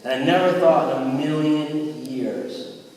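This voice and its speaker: A man's voice: medium pitch, a little slow. Man reminiscing in an echoing hall. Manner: reminiscing, relaxed, with fillers. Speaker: eulogy speaker. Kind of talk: memorial tribute storytelling. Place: large opera house hall. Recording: echoey hall from far off.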